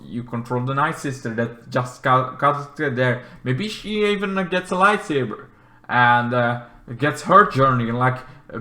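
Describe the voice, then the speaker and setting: A man recapping a video game in a rambling, excitable way, swearing often and acting out the characters in big voices. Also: mid-range voice, roomy sound. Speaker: game reviewer.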